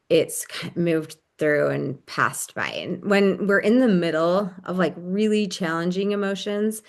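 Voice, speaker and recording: A woman giving a calm, gentle wellness lesson in a casual, explanatory way, with frequent fillers. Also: low-pitched. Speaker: wellness teacher. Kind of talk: casual instructional talk.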